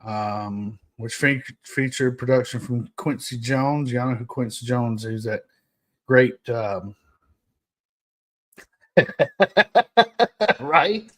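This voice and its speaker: A man's voice: mid-range voice, lively intonation, drawn-out words, pauses often, a bit bright. A young man hosting a casual solo podcast, reading notes aloud and joking with his live chat, laughing often. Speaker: podcast host.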